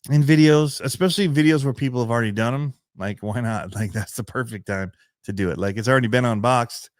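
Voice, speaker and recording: A middle-aged man with a Michigan accent chats casually on a podcast, rambling and laughing at himself. His voice is lowish and smooth. The sound is dry and close. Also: no room sound. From Michigan, USA. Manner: rambling, laughs often, self-deprecating. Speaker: podcast host and RC channel creator.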